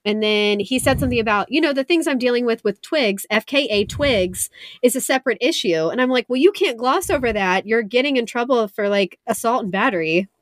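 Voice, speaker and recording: A woman's voice: fairly high pitch, expressive, fairly quick, no echo, studio quality. A woman co-hosting a podcast in casual chat, chatty and gushing as she gives her opinions. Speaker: podcast co-host.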